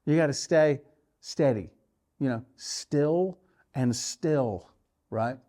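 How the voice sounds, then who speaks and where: Male archery coach, mid-range voice, animated storyteller who acts out his inner voice. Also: mid-range voice, slow pace. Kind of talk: tournament story and coaching talk.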